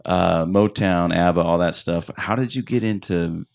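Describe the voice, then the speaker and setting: Low gravelly man chiming in. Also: normal speed. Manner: short interjections, finishes others' sentences. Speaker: guest, bass player. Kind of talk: casual interview chat.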